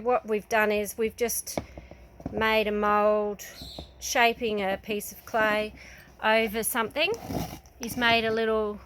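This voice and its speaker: A woman leads a hands-on ceramics class, explaining each step patiently as she guides children. Her voice sits a little high, and she speaks slowly and unhurriedly. A faint background hiss runs under the recording. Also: fairly bright tone. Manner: patient, explanatory, talks to children while demonstrating. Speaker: ceramics workshop instructor. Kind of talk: casual hands-on demonstration.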